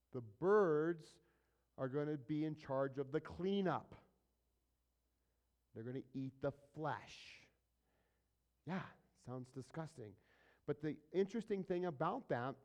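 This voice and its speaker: A male pastor teaching a verse-by-verse sermon, casually asking his listeners questions and moving between quiet asides and louder emphatic passages. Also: a little high. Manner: conversational preaching, asks the audience questions, swings between soft and loud.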